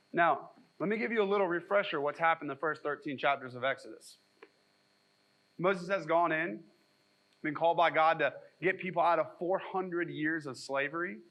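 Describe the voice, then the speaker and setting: Bright-voiced pastor, conversational sermon. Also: male voice, a little high, poor audio. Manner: conversational, self-deprecating asides between scripture readings.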